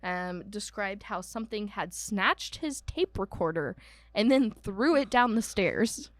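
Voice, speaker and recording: A woman's voice: medium pitch, lively intonation, measured pace, no echo. Woman, Ohio accent, podcast co-host, rambling with fillers, dry close sound. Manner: rambling, filler-heavy, self-correcting. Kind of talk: casual storytelling chat.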